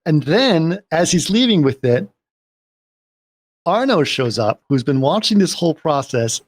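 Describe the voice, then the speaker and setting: A man's voice: on the high side, sing-song, measured pace. A man on a podcast recapping a film scene by scene in casual chat, rambling along and checking in with "right?".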